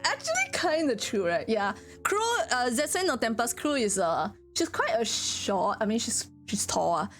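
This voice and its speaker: A woman's voice: fairly high pitch, normal speed, few pauses, soft background music. A woman streamer chatting casually with her viewers, telling stories with lots of giggling. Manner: giggly, animated storytelling with frequent laughter.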